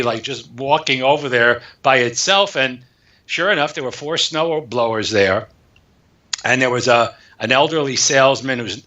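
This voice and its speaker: Brief: male author guest, bright tone, lively storyteller who acts out dialogue, echoey and dull recording. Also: medium pitch. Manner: animated storyteller acting out dialogue. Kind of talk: storytelling interview.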